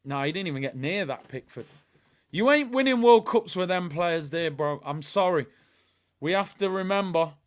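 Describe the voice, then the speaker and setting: Hosting a live football watch-along, a young man reacts to the game in excitable, slangy banter. His voice sits high, and he talks at a moderate pace.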